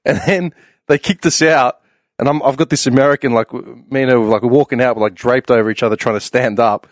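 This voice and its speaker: Australian man, young adult, casual storytelling, animated, laughs a lot, dry close sound. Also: mid-range voice, fast, no room sound. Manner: animated, acts out quoted voices loudly, laughs often. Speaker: podcast panelist.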